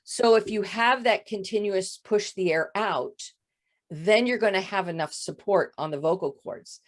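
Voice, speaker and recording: A woman voice coach with a touch of vocal fry, explaining voice habits in an interview. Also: mid-range voice, a little slow. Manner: explanatory, demonstrates voice faults. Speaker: voice coach guest. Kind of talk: interview answers.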